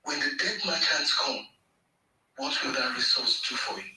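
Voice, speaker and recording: A man's voice: mid-range voice, animated, moderate pace, sharp tone, echoey room, recorded from a distance, low-quality recording. A Nigerian man giving an impassioned, emphatic political speech on a live audio space, hammering points home with repetition. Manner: emphatic, repeats phrases for effect.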